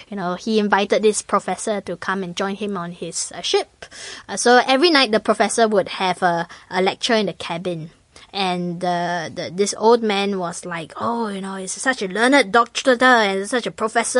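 In a mid-range voice with no echo, a woman chats casually as a guest telling stories. She brings them to life by acting out voices and laughing often.

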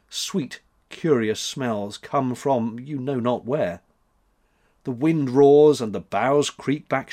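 Expressive male storybook narrator. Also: medium pitch. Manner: expressive, lively.

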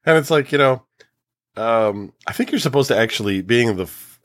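Clean, dry studio sound captures a middle-aged man of medium pitch talking at normal speed. Co-hosting a podcast, he's an animated storyteller in casual chat who swears and laughs plenty.

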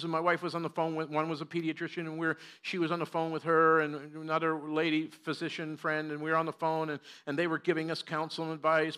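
Middle-aged pastor from Canada, sermon delivery, bright forceful tone, earnest and fervent. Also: male voice, on the high side. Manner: earnest storytelling, rising to fervent preaching.

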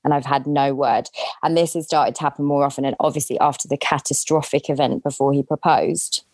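Woman guest spilling a candid story, low voice, dry close sound, animated. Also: fairly quick, dry recording. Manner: animated, acts out quoted lines in a higher voice. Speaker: podcast guest.

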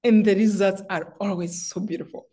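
A woman's voice: mid-range voice, steady tone, moderate pace, warm tone. A middle-aged woman from Rwanda, a guest author in a faith interview, telling personal stories with feeling and frequent restarts. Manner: heartfelt, personal storytelling with many restarts.

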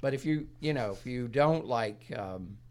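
A man's voice: mid-range voice, expressive, a little slow. A man hosting a true crime history podcast in casual chat, joking and laughing often, with many fillers. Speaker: podcast host.

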